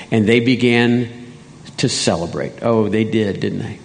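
A man's voice: lowish voice, a little slow, gravelly. Man preaching in a reverberant hall. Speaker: pastor. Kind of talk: sermon with testimony interview. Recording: long reverb of a church hall.

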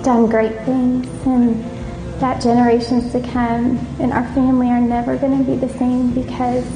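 A woman testifying in church, her voice a bit high and flat, slow and emotional. The recording is echoey with a long reverb. Music plays clearly beneath her words. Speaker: church member giving testimony. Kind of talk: personal testimony. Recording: echoey hall with music underneath.

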